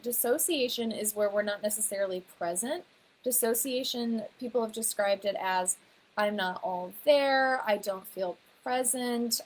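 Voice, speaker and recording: A woman who is a naturopathic doctor, teaching in a gentle, reflective way and walking listeners through guiding questions. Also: mid-range voice, slight background noise, low-quality recording. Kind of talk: teaching to camera.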